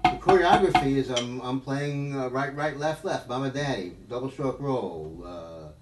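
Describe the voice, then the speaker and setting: A man's voice: medium pitch, animated, moderate pace, music in the background. A man teaching a live drum lesson, rambling and thinking aloud with many fillers. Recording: echoey room, mic at a distance, background noise.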